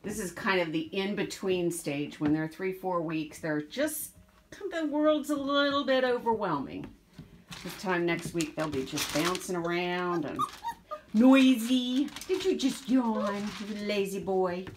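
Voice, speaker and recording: A woman's voice: on the low side, lively intonation, a little slow. A woman dog breeder chatting casually while showing her puppies, slipping into baby talk with them. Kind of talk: casual vlog narration. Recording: background noise.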